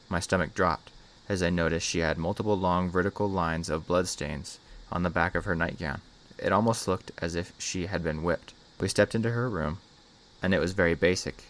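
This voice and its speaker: A man hosting a channel and reading a horror story aloud in a measured, dramatic way. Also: sits low, fairly bright tone. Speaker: host, story reader. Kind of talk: scripted horror story narration.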